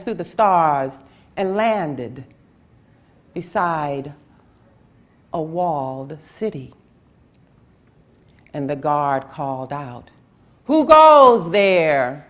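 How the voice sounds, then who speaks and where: A woman tells an old folk tale at a public library, drawing every phrase out with long, deliberate pauses. Her voice sits on the low side, and she leans on repetition to build the rhythm of the story. The pace is very slow throughout.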